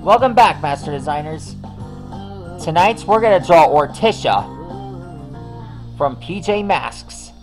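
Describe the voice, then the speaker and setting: A man hosts a drawing show in an unhurried, drawn-out way, rambling along with frequent fillers and false starts. A song plays clearly behind his voice. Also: a little high, animated, soft background music, low-quality recording. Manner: rambling, chatty, with many fillers and restarts. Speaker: host of a drawing channel. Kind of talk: casual chat while drawing. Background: song playing in the background.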